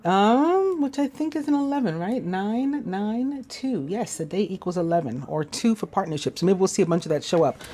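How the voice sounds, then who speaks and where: A woman's voice: medium pitch, lively intonation, normal speed, few pauses, mellow. A woman hosting a spiritual daily reading, chatty and rambling, musing on number meanings between date facts. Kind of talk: casual solo reading of date facts and numerology.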